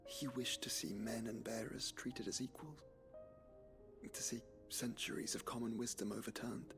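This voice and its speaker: An actor playing an earnest young noble warrior in a video game, speaking in a measured way. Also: male voice, mid-range voice, steady tone, close to an everyday voice. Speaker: game character. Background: game music.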